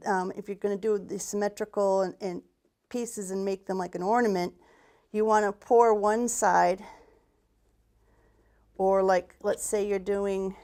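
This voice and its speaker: Chatty, slightly breathless woman with gravelly tone. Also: mid-range voice, darkish tone. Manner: chatty and rambling, with restarts and muttered asides. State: a bit out of breath. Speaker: paint retailer and furniture painter. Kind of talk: live craft demonstration.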